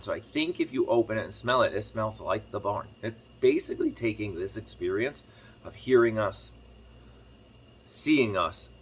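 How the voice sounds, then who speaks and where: A man chatting casually to camera as a farm vlogger, telling a rambling story quickly while sitting on his kitchen floor. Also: lowish voice, fairly bright tone, a little hiss or hum. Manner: rambling, fast-talking storyteller.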